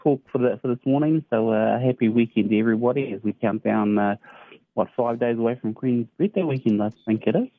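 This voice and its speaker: A laid-back man rambles through a casual greeting in an average-pitched voice. The sound is dry and thin, like a phone line. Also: brisk, no room sound. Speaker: co-host. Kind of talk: casual sports chat.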